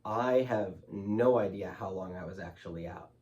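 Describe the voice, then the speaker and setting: A man's voice: low-pitched, moderate pace, darkish tone, distant mic, lo-fi sound. A man speaking as a guest in an interview, telling his story candidly and emotionally, loose with fillers like "like" and "you know".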